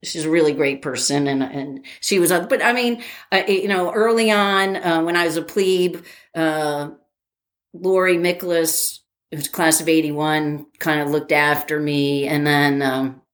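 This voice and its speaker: An older woman in a casual interview, telling an animated story with many fillers and laughing at herself. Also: low voice, unhurried. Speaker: interviewee, former academy track athlete.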